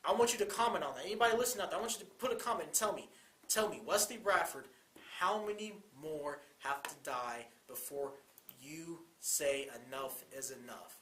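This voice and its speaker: A man's voice: fairly high pitch, lively intonation, moderate pace, roomy sound, noisy background. A young man co-hosting a college talk show, speaking with urgent, repetitive passion and pleading questions. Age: young adult. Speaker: co-host. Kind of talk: impassioned commentary.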